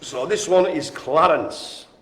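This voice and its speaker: A man hosting a live-streamed bingo game, jokey and chatty, calling out names and often addressing the audience as ladies and gentlemen. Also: on the high side, takes it slowly. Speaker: bingo host. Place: indoor room at a care home. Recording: roomy with faint ambience.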